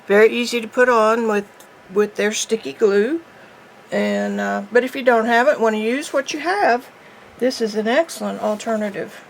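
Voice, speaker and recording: Woman art teacher, folksy, chatty, slightly gravelly voice, faint background hiss. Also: a little high, moderate pace, low-quality recording. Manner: chatty, folksy, thinking aloud while painting. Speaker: painting teacher. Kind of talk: casual painting tutorial.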